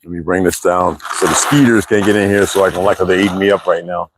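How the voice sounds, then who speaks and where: A man's voice: low voice, fairly even intonation, fast, background noise. A man in his sixties hosting a casual livestream, rambling and chatting directly to his viewers with frequent laughs. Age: 60s. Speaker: livestream host.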